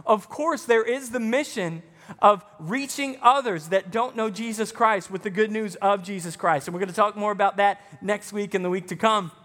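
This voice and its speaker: A man's voice: high voice, normal speed, fairly bright tone. A man preaching a sermon as pastor, emphatic, with punchy rising lines. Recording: long hall reverb.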